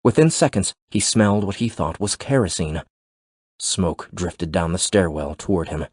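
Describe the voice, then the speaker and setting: A man narrating an audiobook in a steady, measured way. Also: low voice, husky, no room sound, studio quality.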